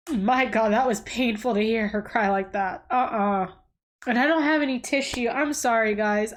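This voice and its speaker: A woman hosting a reaction video, talking bluntly to the screen with frequent exclamations and swearing. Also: fairly high pitch. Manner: blunt, swears freely, talks straight to the screen; emotional, exclaims and gasps often. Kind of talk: casual reaction commentary.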